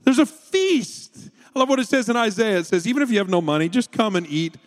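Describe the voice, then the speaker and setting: A man in his thirties preaching a sermon, telling a family story with animated delivery and voicing his children. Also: racing. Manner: storytelling, animated, quoting his kids with raised pitch. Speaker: pastor. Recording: long hall reverb.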